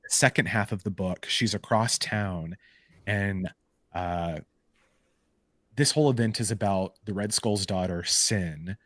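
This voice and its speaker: A man co-hosting a podcast, casually retelling comic book stories in an animated way with lots of "like" and "um". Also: on the low side, takes it slowly, no room sound. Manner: animated storytelling full of "like" and "um" fillers. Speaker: podcast co-host. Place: live podcast recording.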